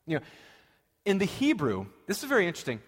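A male preacher giving a sermon, retelling a story with animated, dramatic quotes. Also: high voice, quick pace, slightly rough, long reverb tail.

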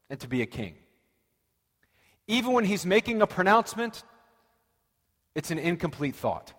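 A male preacher giving a sermon, retelling a story with animated, dramatic quotes. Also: fairly high pitch, normal speed, pauses often, husky, in a large hall.

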